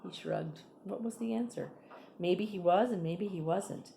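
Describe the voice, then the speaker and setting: A woman reading a novel aloud in an unhurried way, stopping now and then for asides to her listeners. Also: mid-range voice, vocal fry, warm tone, reverberant, a little hiss or hum. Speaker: reader.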